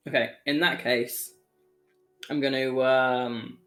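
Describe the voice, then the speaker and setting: A man's voice: medium pitch, steady tone, slow pace, a bit bright. Brummie man reading rules aloud. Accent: Birmingham. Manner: casual, reads rules aloud with fillers. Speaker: player. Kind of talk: casual tabletop game chat. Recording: music bed under voice.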